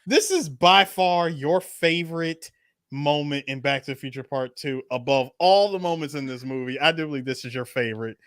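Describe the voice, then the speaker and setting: A man's voice: on the high side, expressive, normal speed, a bit bright, no echo, studio quality. A man co-hosting a live podcast, teasing a friend in a playful way. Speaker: podcast co-host. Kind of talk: live podcast chat about a film.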